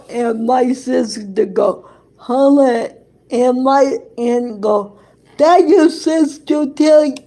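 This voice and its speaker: A woman tells a personal anecdote at a very slow, halting pace, stopping to restart and repeat words. Her voice sits a little high and sounds mellow. Her grammar is loose and she laughs often as she talks. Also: vocal fry. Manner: non-standard grammar, dropped verbs and articles; laughs often while telling. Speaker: storyteller.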